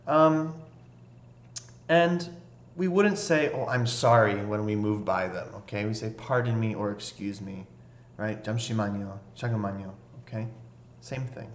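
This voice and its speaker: A man's voice: on the low side, a little fast. A man teaching an English lesson, explaining patiently and often checking in with the learners by asking "okay?". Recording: echoey room.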